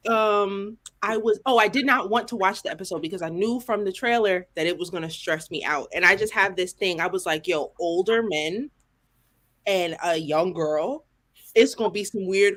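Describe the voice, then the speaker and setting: A woman co-hosting a podcast in casual chat, animated and exclaiming, talking straight to listeners. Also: mid-range voice. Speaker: podcast co-host.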